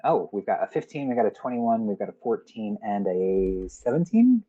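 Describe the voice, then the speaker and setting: A man's voice: on the low side, big pitch swings, moderate pace, warm tone, breathy edge, lo-fi sound. A man running a tabletop game as game master on a live stream, hesitant with frequent ums. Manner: hesitant, with many ums and restarts.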